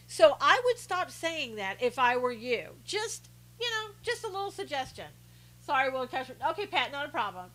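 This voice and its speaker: Lady on a live stream, bit high voice, rambly chat, says hi to viewers. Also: sing-song, moderate pace, pushed and bright, poor audio. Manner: chatty, reads viewer comments aloud, many restarts. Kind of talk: casual political commentary.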